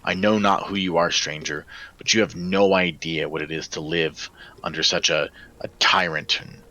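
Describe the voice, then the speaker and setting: A man's voice: sits low, fairly even intonation, moderate pace, pushed and bright, poor audio. A man voicing a scarred, angry male mob ringleader, snarling and bitter.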